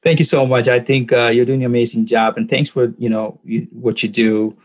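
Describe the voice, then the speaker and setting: A man whose first language is Tamil, a podcast guest talking casually and haltingly, with lots of fillers. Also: mid-range voice, low-quality recording. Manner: relaxed, halting, many fillers. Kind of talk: casual interview talk.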